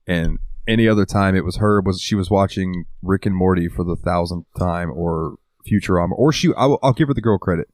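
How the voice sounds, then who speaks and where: A man's voice: low voice, brisk, hardly any pauses, a little mellow, no room sound, clean studio sound. A man co-hosting a podcast, telling long rambling stories in casual chat and swearing freely. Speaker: podcast co-host.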